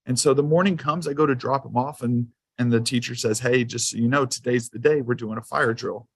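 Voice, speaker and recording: A man of middle pitch gives a school safety presentation, mixing guidance with personal stories. He talks casually, with plenty of "um"s and small restarts. The sound is dry and close, with hardly any room in it. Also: fairly even intonation, a little fast, gravelly, hardly any pauses, husky, no room sound. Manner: conversational storytelling with fillers. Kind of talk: anecdotal presentation to a council.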